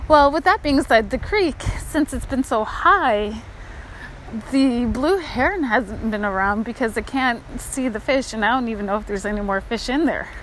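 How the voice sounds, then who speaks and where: A woman chatting on a walking vlog outdoors by a creek, rambling and excitable, a little out of breath from walking. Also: on the high side, normal speed, a little hiss or hum. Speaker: vlogger.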